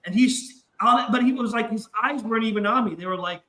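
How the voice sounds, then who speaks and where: A man's voice: high-pitched, quick pace, echoey room, slight background noise, rough recording. A man casually telling a wild story, swearing often and acting out the voices of the people in it. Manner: animated, profane, acts out voices in his story. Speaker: podcast guest.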